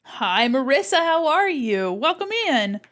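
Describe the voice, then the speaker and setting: A woman's voice: high voice, sing-song, unhurried, fairly bright tone. A woman streamer chatting casually while she draws. She is bubbly, greets her chat and exclaims often.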